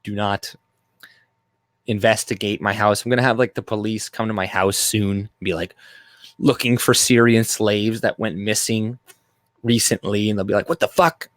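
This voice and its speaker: A man's voice: fairly low pitch, fairly even intonation, normal speed, dry recording, studio quality. A man hosting a live stream, rambling loosely through chat messages with crude, off-color jokes. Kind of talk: casual live-stream commentary.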